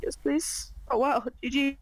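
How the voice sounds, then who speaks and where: A man playing a game with a friend, chatting casually in quick play-by-play. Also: very high-pitched, little pitch movement, low-quality recording. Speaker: co-player. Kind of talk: casual gaming chat.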